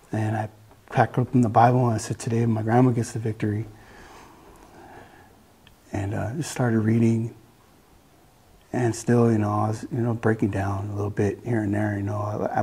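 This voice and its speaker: Low, husky man giving a halting testimony. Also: dark tone. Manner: halting and earnest, with many restarts. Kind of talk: personal faith testimony.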